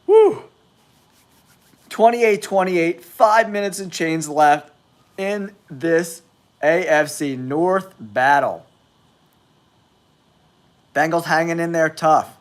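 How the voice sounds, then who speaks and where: A man's voice: a little high, takes it slowly, long pauses. A man with a nasal voice from a cold, hosting a live football stream with blunt, exasperated commentary. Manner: blunt, exasperated trash talk. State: has a cold.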